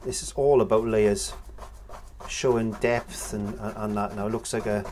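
A man, talking through a painting tutorial in a relaxed, chatty way as he works. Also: lowish voice, measured pace, slight background noise. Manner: relaxed, chatty, talks while working. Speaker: painting instructor.

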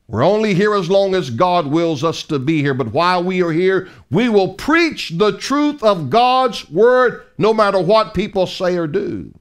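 A man's voice: high-pitched, fairly bright tone. A middle-aged man preaching a fiery sermon as an evangelist, emphatic and mocking, full of rhetorical questions.

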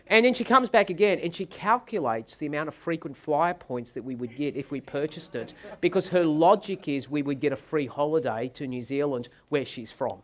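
A male sales trainer delivers a seminar, telling his anecdotes with animated, dramatic flair. His voice sits a little high for a man. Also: moderate pace, few pauses.

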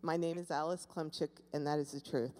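A woman's voice: low voice, fairly even intonation, brisk, dark tone. A woman volunteer at a live seminar, giving short, compliant answers from a little way off the microphone. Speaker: volunteer from the audience. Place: seminar room with live audience.

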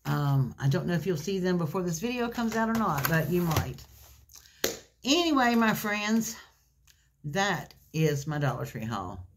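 A woman's voice: lowish voice, sing-song, a little slow, background noise. A woman, chatting in a gushing, folksy way as she shows off craft supplies in a haul video. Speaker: craft vlogger. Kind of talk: casual haul video chat. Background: faint crinkling of plastic packaging.

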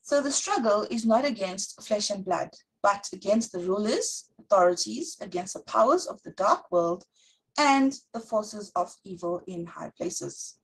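Woman Bible teacher with a husky, breathy voice; earnest sermon delivery, reads verses slowly. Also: medium pitch, lively intonation, low-quality recording. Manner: earnest, slows to read scripture aloud.

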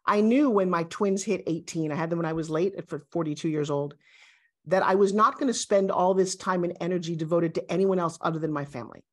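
A woman in her sixties, a guest, talking in an emphatic, animated and self-assured way in a motivational interview. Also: lowish voice, fast talker. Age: 60s.

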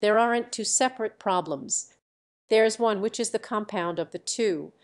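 Woman voicing a stern, gruff senior officer. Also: medium pitch, close to an everyday voice. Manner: curt, commanding, slow and deliberate. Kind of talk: audiobook reading.

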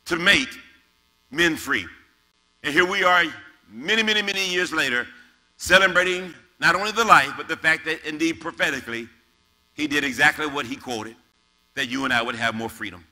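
A man's voice: on the high side, normal speed, pushed and bright. A man preaching a sermon as pastor, reading scripture dramatically with varied emphasis. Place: large church sanctuary. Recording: reverberant church hall with faint music.

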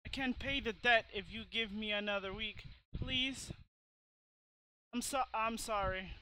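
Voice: mid-range voice, unhurried, sharp tone, a little hiss or hum, poor audio. A streamer voicing a frail, sorrowful old widow woman in a game, with a tremulous, pleading way of talking. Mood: tearful. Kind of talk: gameplay voice reading.

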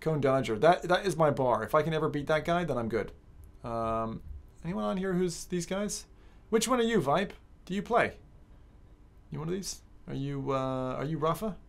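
A woman streaming a racing game, chatting casually with her viewers in an excitable, joking way, swearing often. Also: low voice, normal speed, gravelly. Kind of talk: casual live-stream chat while gaming.

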